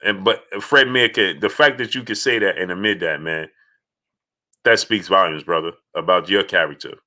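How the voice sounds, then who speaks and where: A man hosting a casual live stream, halting with many fillers and pauses as he reads viewer messages. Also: deep voice. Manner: halting, many fillers, bursts of excited yelling at a game. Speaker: live stream host reading super chats.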